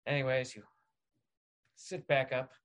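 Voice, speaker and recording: A man talks the listener through a parody guided visualization. His delivery is deadpan and mock-soothing, slowing for the breathing cues. He rambles and trips over his own restarts. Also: mid-range voice. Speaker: podcast host.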